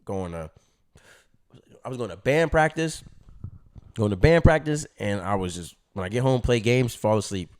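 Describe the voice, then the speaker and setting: A man's voice: fairly low pitch, lively intonation, moderate pace, pauses often, darkish tone. A young man vlogging, telling a story in a casual, slangy way and acting out his own past reactions.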